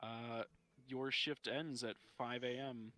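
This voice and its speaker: A man running a tabletop game as game master, relaxed and unhurried, laughing often. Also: medium pitch.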